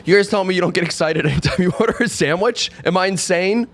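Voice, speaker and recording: A man co-hosting a casual comedy podcast, excitable and rambling, poking fun at himself. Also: high voice, fast. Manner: excitable, rambling, self-mocking. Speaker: podcast co-host.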